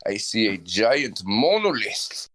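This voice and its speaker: A man doing Count Dracula as a brooding old male vampire, talking in a slow, drawn-out, theatrical way. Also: lowish voice, big pitch swings, a bit bright, no room sound, pitched below the performer's own voice, exaggerated voice.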